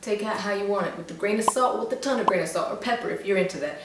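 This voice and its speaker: A woman's voice: mid-range voice, fast, distant mic, background noise. A young woman chatting casually in a rambling, self-mocking way while reviewing drinks. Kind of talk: casual chat. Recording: very echoey room, away from the mic.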